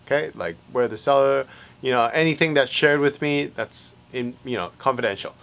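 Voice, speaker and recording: Speaking at a moderate pace in a mid-range voice that is creaky, fairly bright and clean, a man who works as a realtor casually explains agency rules to camera. He uses many fillers and plays out dialogue with clients.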